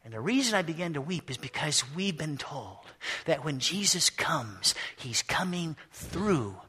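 A man preaching a sermon, telling the story with animation, acting out voices and shouting at its peaks. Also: a little high, big pitch swings, unhurried, slightly rough.

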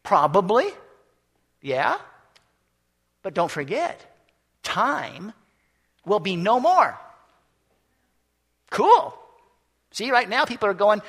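High-voiced preacher in an echoey hall. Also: male voice, measured pace, pauses often, breathy edge. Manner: animated, acts out scenes in voices. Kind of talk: storytelling sermon. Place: church or hall.

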